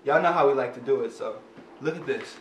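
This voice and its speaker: A little fast and medium in pitch, a young man who's a father reviews a product in a hyped, playful unboxing vlog aimed directly at his viewers. The phone camera mic is at a distance, so there's roomy sound, faint ambience, and a little hiss or hum.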